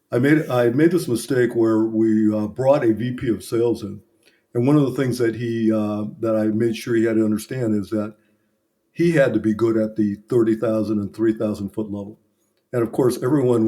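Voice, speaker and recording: Middle-aged guy on a podcast, warm soft voice, owning up to his mistakes, thoughtful. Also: on the low side. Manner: reflective, earnest, self-critical. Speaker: business consultant, podcast guest. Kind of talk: candid conversational storytelling.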